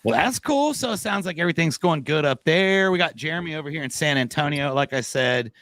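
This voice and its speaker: A man's voice: a little high, lively intonation, brisk, fairly bright tone. A man hosting a casual company podcast over a video call, upbeat and joking as he hypes up his coworkers. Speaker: podcast host.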